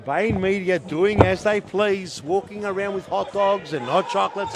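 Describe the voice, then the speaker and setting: A man in his thirties with a Melbourne Australian accent, doing jokey live futsal commentary that jumps to shouts at big chances. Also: high-pitched, normal speed, hardly any pauses. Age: 30s. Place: indoor futsal stadium.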